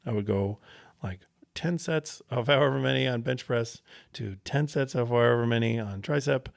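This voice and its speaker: A man hosting a podcast, telling a personal story in a casual, animated way with plenty of swearing. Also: mid-range voice, moderate pace, vocal fry, dry recording, clean studio sound. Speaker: podcast host.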